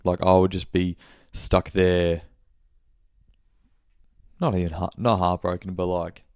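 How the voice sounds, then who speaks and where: This podcast host is a young man whose low, darkish voice stays completely flat as he talks slowly. In a laid-back monthly catch-up, he tells a meandering story full of swearing and self-corrections, captured in a dry, studio-quality recording.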